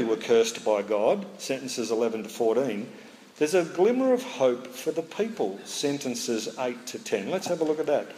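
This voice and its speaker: A man preaching an expository sermon and acting out scenes in playful voices. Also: fairly high pitch. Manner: lively, acts out scenes in funny voices. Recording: echoey hall, faint room noise.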